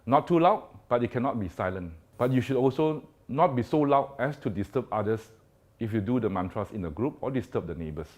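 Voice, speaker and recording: A man teaching a spiritual practice, explaining step by step in a deliberate way and showing each gesture as he goes. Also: mid-range voice, lively intonation. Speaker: Buddhist teacher. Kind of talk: spoken teaching on mantra practice.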